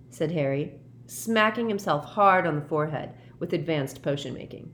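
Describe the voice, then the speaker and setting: A woman narrating a children's fantasy novel as an audiobook reading, in a steady storybook manner. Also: sits low, moderate pace.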